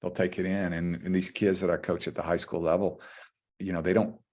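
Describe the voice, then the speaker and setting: Deep-voiced earnest man in conversation. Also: level tone, fairly quick, darkish tone. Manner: earnest, heartfelt, rambling with restarts. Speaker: podcast guest, former pitcher and high school coach. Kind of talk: casual conversation.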